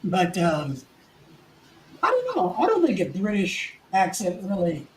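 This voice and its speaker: Man, livestream co-host, lively up-and-down voice, joking, echoey room, faint hiss. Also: high voice, a little slow. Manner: joking, teasing, laughs often. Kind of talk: casual chat.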